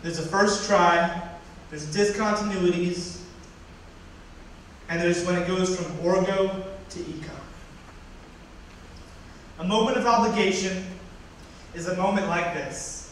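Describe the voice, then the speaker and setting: A young man giving a personal story talk to an audience, animated and acting out what others said. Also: sits high, takes it slowly, pauses often, slight background noise. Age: young adult. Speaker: student speaker. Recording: echoey hall from far off.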